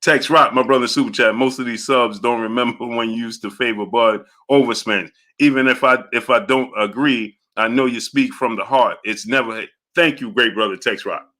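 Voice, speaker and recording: Steady, pushed and bright, this medium-pitched male voice moves at a moderate pace with few pauses. The boxing channel host calls out viewers by name during his live stream and laughs hard between phrases as he reads what they wrote.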